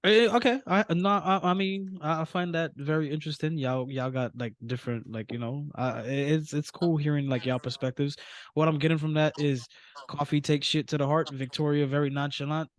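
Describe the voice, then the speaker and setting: A man's voice: on the high side, fairly even intonation, fairly quick. A man co-hosting a casual podcast chat, talking hesitantly with restarts and laid-back slang. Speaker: podcast co-host.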